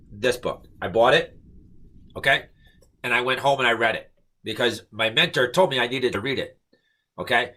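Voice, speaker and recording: A network marketing motivational speaker gives a fired-up, preachy pep talk to camera, repeating himself and punctuating points with "okay?". His medium-pitched voice is bright and forceful, at a moderate pace with long pauses.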